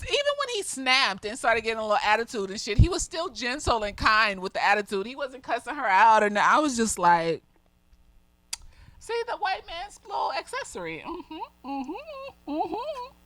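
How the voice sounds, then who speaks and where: A woman therapist giving a casual, slightly tipsy film review, blunt and animated with plenty of cursing and laughter. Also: on the high side, normal speed.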